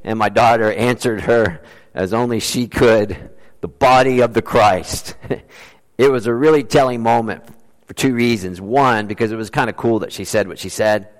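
A man's voice: on the low side, moderate pace. A man preaching a sermon as pastor in an earnest, conversational way. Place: church sanctuary. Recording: long reverb of a large church.

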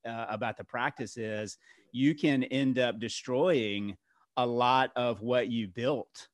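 A man co-hosting a podcast, speaking in a measured way and summing up his partner's points. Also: mid-range voice, fairly even intonation, no echo, clean studio sound. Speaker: podcast co-host. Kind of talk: casual podcast conversation.

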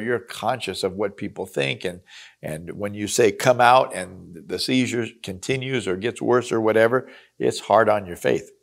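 A man's voice: on the low side, gravelly. A man reading scripture aloud and explaining it in an earnest, conversational teaching style. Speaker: Bible teacher.

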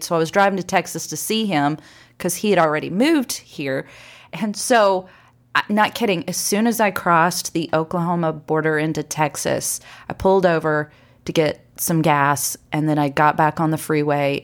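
A woman in her forties from Arkansas tells stories in a relaxed, chatty way. Her voice sits a little low for a woman, and she laughs easily between sentences. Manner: chatty storyteller, laughs often. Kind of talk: casual chat.

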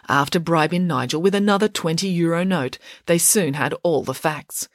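A woman author reading her children's mystery story aloud for a podcast, clear and expressive. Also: fairly low pitch, moderate pace, hardly any pauses, no room sound, studio quality. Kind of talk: storybook narration.

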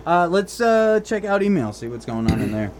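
A man's voice: sits high, big pitch swings, normal speed, a loud crowd. A man hosting a casual comedy podcast, talking loosely and profanely, laughing often. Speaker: podcast host.

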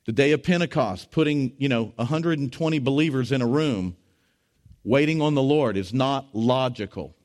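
A pastor preaching with lively, sweeping delivery. His voice jumps up loud for emphasis, then drops low and quiet for earnest points. He tells stories with humor and acts out quotes. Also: normal speed. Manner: animated preaching with swings between loud and hushed. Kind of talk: sermon.

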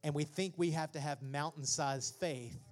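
High-voiced preacher, casual to shouting. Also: male voice, moderate pace. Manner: swings from conversational asides to shouted preaching; jokey, laughs at own remarks. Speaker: pastor. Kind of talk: sermon.

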